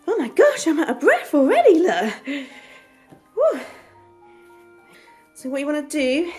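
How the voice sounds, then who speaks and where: A woman with a slightly high voice hosts a homemade cooking lesson. She explains each step in a chatty, reassuring manner. Faint music plays behind her. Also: a little mellow. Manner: encouraging, chatty, gets out of breath while kneading. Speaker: cooking show host. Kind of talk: home cooking demonstration.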